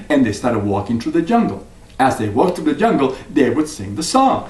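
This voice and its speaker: A man telling a folk tale to listeners in an expressive storytelling style. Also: mid-range voice, fairly quick. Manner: expressive, lively, sings refrains. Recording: roomy, mic at a distance.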